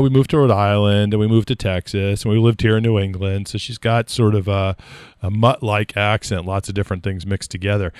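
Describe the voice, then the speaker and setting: Male radio host, lowish smooth voice, dry studio sound, loose chatty delivery with lots of ums. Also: no echo. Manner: rambling, friendly, many fillers and restarts. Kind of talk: casual radio talk.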